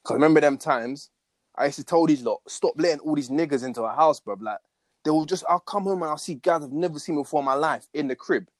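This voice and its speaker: A man's voice: fairly high pitch, fast, no echo. A young man in casual chat, recounting a story in a slangy, matter-of-fact way. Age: young adult.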